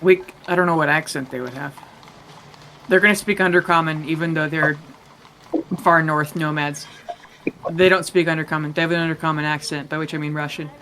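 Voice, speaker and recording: A man's voice: on the high side, steady tone, normal speed, pushed and bright, soft background music. A man narrating as game master of a tabletop game, in a loose, rambling, joking way.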